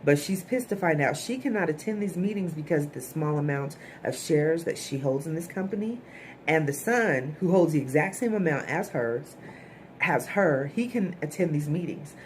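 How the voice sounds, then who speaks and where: Woman, deep voice for a woman, casual recap, blunt, opinionated, chatty. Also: lively intonation, normal speed, a little hiss or hum. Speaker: TV episode reviewer.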